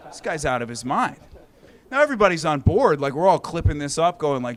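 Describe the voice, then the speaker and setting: Animated man doing stand-up, lively pitch. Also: fairly quick. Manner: animated, swearing, acts out characters. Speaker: stand-up comedian. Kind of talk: stand-up comedy set. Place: comedy club stage.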